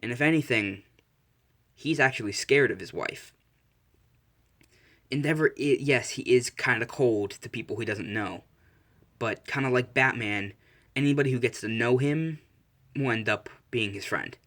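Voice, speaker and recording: A man's voice: medium pitch, normal speed, pauses often, fairly bright tone. A young man casually narrating a made-up fan story, rambling and correcting himself.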